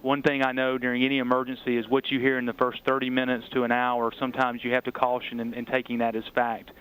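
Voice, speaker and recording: A man who is a city mayor giving a measured, cautious update during live storm coverage. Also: medium pitch, monotone, a bit bright, smooth, low-quality recording. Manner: measured, cautious official briefing. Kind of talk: phone-in report during live news.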